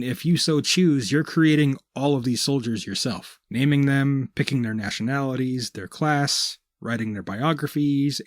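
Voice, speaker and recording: A man's voice: mid-range voice, no room sound. Sardonic, profane man with a dry voice. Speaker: gaming video host. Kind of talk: scripted video-essay monologue.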